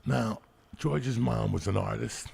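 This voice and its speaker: A man telling profane, animated stories in casual chat. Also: on the low side, slow pace, vocal fry, husky. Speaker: podcast host.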